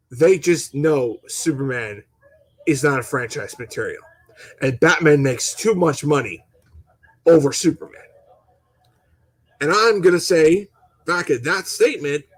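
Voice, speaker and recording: A man's voice: a little high, poor audio. Stuttering, fired-up young man ranting. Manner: passionate, rambling, stuttering restarts, swears. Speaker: gaming channel host. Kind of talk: casual opinion rant.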